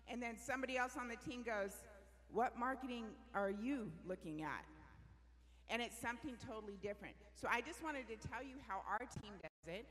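Bright, energetic woman presenter in a hall. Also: mid-range voice. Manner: energetic, asks the audience questions. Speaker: workshop presenter. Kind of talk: live business workshop talk. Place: large meeting room with audience.

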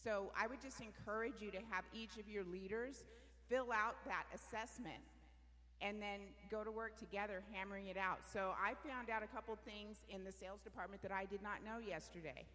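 A woman's voice: medium pitch, a little fast, big-room sound. A woman presenting a live business workshop to a room full of people, talking with energy and asking them questions. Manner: energetic, asks the audience questions. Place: large meeting room with audience.

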